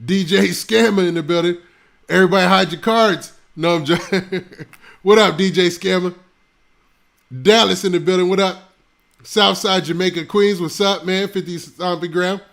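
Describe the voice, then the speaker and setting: A man hosting a casual live stream on a close mic, shouting out viewers' locations and talking in laid-back slang. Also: high-pitched, steady tone, moderate pace, creaky. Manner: shouting out viewers' locations one after another.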